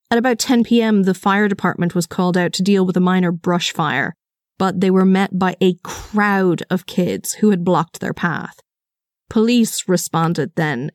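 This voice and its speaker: A woman hosts a true-crime podcast and reads a scripted story, dropping in brisk, conversational asides. Her voice has a middle pitch. The sound is close and dry, with no room echo. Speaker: podcast host.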